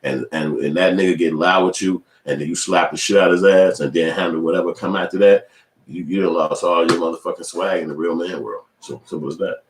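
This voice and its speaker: A man in his forties giving casual, profane commentary, animated and switching into high mimicking voices. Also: a little fast, roomy sound, slight background noise. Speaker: video commentator.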